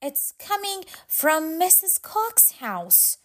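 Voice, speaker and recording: A woman's voice: extremely high pitch, very animated, takes it slowly, pitched above the performer's own voice, exaggerated voice. A woman doing a worried storybook mother. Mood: anxious. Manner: anxious and reproachful. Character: worried mother, stern but gentle.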